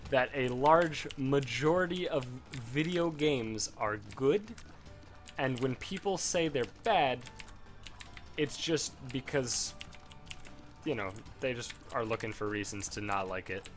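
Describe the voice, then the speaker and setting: A man's voice: mid-range voice, slow, faint music behind. A young man chatting offhand and rambling while he plays a game, swearing casually. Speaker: gaming video host. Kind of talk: casual commentary over gameplay.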